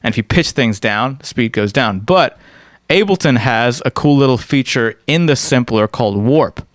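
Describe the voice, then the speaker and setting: A man's voice: mid-range voice, lively intonation, moderate pace, no echo, clean studio sound. A man giving a casual screen-recorded music production tutorial. He explains step by step and often checks in with "right?".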